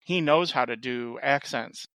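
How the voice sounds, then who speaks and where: A man's voice: mid-range voice, a little slow, sharp tone, no room sound, rough recording. A man co-hosting a movie podcast, critical and exasperated in casual chat. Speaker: podcast co-host.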